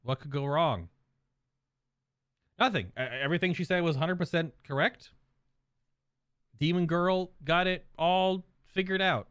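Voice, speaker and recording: A man's voice: fairly high pitch, measured pace, long pauses, fairly bright tone, smooth, no room sound, studio quality. A man streamer giving casual, rambling reaction commentary in an amused way.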